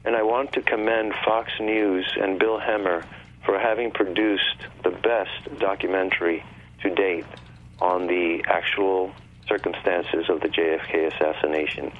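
A man's voice: deep voice, fairly even intonation, measured pace. A man talking on a radio show, explaining at length in an insistent way over a phone line. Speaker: guest. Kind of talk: radio call-in talk.

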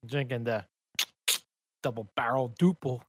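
A man's voice: medium pitch, unhurried, no room sound. A man co-hosting a casual beer podcast, teasing and joking with his friends. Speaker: podcast co-host.

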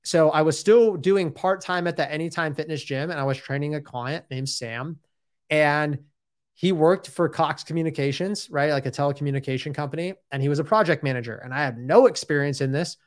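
A man's voice: fairly high pitch, a little fast. A man in his thirties telling his own story in a casual, rambling and candid way, often saying "dude" and "like".

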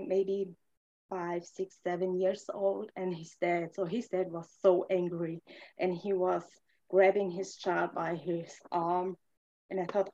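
Woman, podcast guest, earnest testimony, halting with fillers, non-native English phrasing, dull lo-fi audio. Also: mid-range voice, darkish tone. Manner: earnest, halting storytelling with many fillers and restarts. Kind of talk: personal testimony in a conversation.

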